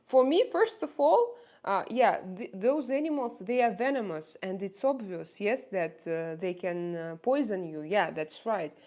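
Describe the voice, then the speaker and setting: A woman's voice: medium pitch, expressive, a little slow, hardly any pauses, a little mellow. A woman chatting casually on a daily live stream, asking her viewers question after question in non-native English.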